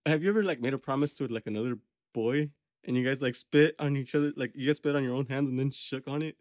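A man's voice: mid-range voice, fast talker, a little mellow, no echo. A man co-hosting a casual podcast chat, slangy and laughing often, recorded close on a mic. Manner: slangy, laughing, says "fool" and "dude" a lot. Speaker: podcast co-host.

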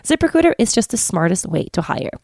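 A woman's voice: lowish voice, big pitch swings, fast talker, gravelly, a little mellow, no echo, clean studio sound. A woman podcast host reading a sponsor advertisement in an upbeat, scripted way.

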